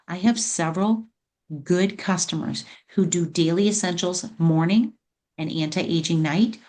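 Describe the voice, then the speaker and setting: A middle-aged woman, a product specialist, presenting wellness tips in a live online talk, speaking warmly and emotionally straight to her listeners. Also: lowish voice.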